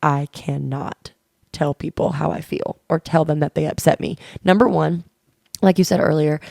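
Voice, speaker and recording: A woman's voice: low voice, vocal fry, a little mellow, dry recording, clean studio sound. A woman co-hosting a podcast, talking candidly and earnestly in casual chat, telling stories and quoting conversations. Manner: earnest, open storytelling with quoted dialogue. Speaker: podcast co-host.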